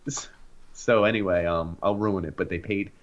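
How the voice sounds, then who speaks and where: A young man co-hosting a podcast, telling animated stories in casual chat and acting out the voices of people in them. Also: deep voice, moderate pace. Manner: animated, acts out voices in anecdotes. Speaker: podcast co-host. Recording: dull lo-fi sound.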